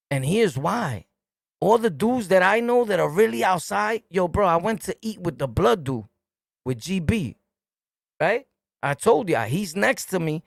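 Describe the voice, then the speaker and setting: A man's voice: on the high side, vocal fry, no room sound, studio quality. A middle-aged man with a New York accent, hosting a streetwise monologue rant in blunt, repetitive, preachy slang. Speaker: YouTube host.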